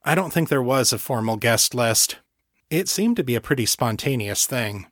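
A man's voice: medium pitch, expressive, normal speed, fairly bright tone, dry recording, studio quality, lightly acted. A man voicing a cocky male incubus who drawls and mocks his questioner. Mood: smug. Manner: drawling, mocking.

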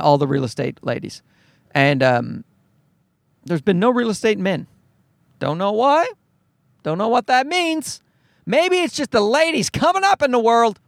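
A man's voice: sits high, gravelly, a bit bright, no room sound, clean studio sound. A man telling a story to his viewers as a profane, exasperated rant. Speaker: vlogger. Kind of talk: ranting storytime.

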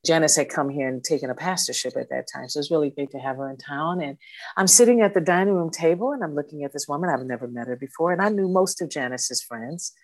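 An older woman with a low voice tells her story as an interview guest. She is animated and slips into the voices of the people she quotes. The sound is dry and close. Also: quick pace, no echo. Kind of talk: storytelling in conversation.

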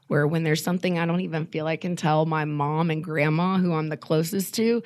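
A woman's voice: low voice, steady tone, a little fast, darkish tone. A young woman in a candid podcast interview, talking casually with lots of "you know" and "like.". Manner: casual, chatty, many fillers like "you know". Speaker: guest, program alumna.

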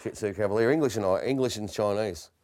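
A man's voice: lowish voice, quick pace, a little hiss or hum. A man co-hosting a podcast, bantering and joking with his co-host and laughing often. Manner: joking, laughs often, lively sing-song delivery. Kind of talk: casual comedic banter.

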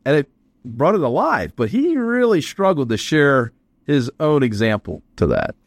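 A man's voice: mid-range voice, sing-song, moderate pace. A man co-hosting a podcast, reflecting on and summing up what he heard. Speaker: podcast co-host. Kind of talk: casual podcast chat.

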